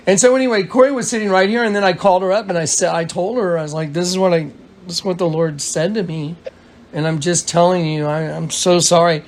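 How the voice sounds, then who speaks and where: A man's voice: high voice, fairly quick. A man on a phone call, telling a long story in a casual, rambling way, with many restarts and retold quotes. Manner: retells dialogue in quoted voices. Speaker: caller recounting events.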